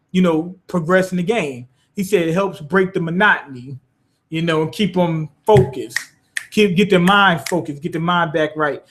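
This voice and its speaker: A man with a notably high voice talks through an anime episode in an off-the-cuff review. His speech is loose and profane. He keeps showing what he means as he explains it. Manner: loose and profane, demonstrating with gestures. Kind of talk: casual spoken episode review.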